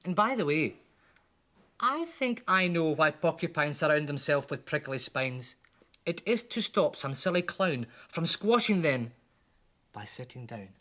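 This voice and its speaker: A children's TV presenter reading a comic poem aloud for children with animated, dramatic delivery. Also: medium pitch, a little slow. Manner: animated, with voices for the characters.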